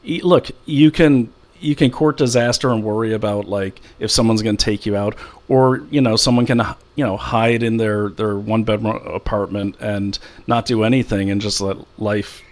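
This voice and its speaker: A man's voice: lowish voice, steady tone, normal speed, few pauses. A middle-aged man in casual conversation as a guest, rambling through stories with frequent restarts. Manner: rambling, anecdotal, many restarts.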